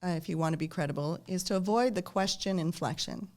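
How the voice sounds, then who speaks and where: A woman's voice: on the low side, quick pace, darkish tone. A woman giving casual advice on how to speak with credibility, explaining and affirming in an interview. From lived many years in Ontario. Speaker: guest expert on nonverbal communication.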